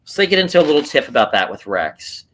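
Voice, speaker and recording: A man with a bright, forceful voice co-hosts a casual recap podcast. He walks through scenes step by step and slips into quoting the characters' lines as he goes. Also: on the high side, sing-song, quick pace. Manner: retells scenes, acting out lines in quotes. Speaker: podcast co-host.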